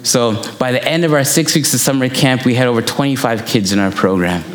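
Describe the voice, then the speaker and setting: A man's voice: mid-range voice, fairly quick. Give me a man preaching in a church, anecdotal and conversational, with a roomy echo. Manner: conversational, anecdotal, quotes himself. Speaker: preacher and missionary. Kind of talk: sermon with personal storytelling. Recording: echoey church room.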